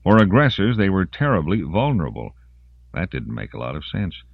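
A man's voice: fairly low pitch, huge pitch swings, moderate pace, creaky, no room sound, muffled recording. A man reading scripted audiobook narration in a dramatic storytelling manner.

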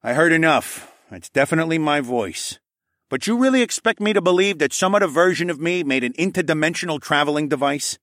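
A man plays a gruff, paranoid man in a trench coat, grumbling and swearing in a storybook reading. His voice sits a bit above the narrator's own and is delivered close and dry. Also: fairly high pitch, lively intonation, fairly quick, fairly bright tone, no room sound, pitched above the performer's own voice.

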